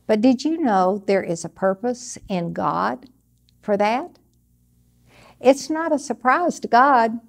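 An older woman giving a conversational sermon, teaching earnestly from personal experience in a steady, plain way. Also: medium pitch, creaky. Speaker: Bible teacher.

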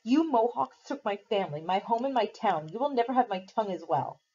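A woman's voice: on the high side, expressive, a little fast, dark tone, slightly rough, lo-fi sound, voice pushed up. A woman voicing a defiant Puritan captive girl who talks in an insistent, scolding way.

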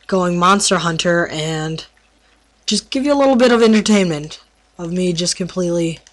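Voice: medium pitch, moderate pace. A gameplay tutorial narrator in casual commentary, who stumbles over words while explaining and throws in playful trash talk.

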